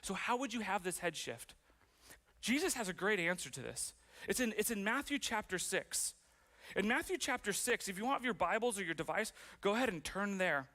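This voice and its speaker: Bright, conversational male pastor preaching. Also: high-pitched, sing-song, moderate pace. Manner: conversational, self-deprecating, with fillers and playful asides. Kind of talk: sermon.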